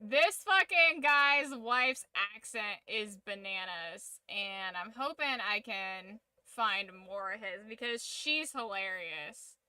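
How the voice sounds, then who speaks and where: A woman's voice: medium pitch, lively intonation, slow pace, hardly any pauses, sharp tone, clean tone, no echo. A woman streamer giving casual reaction commentary, muttering asides and swearing casually.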